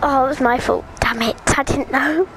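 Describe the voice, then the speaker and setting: Very high, excitable gaming commentator. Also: female voice, moderate pace, noisy background. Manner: excitable, yelling at teammates. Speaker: gaming channel host. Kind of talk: live gameplay commentary.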